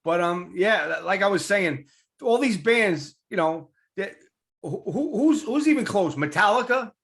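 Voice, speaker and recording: A man from Queens, hosting a casual interview and talking like an excited fan. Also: high-pitched, unhurried. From Queens, New York. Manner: excitable, blunt fan talk. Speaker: interview host.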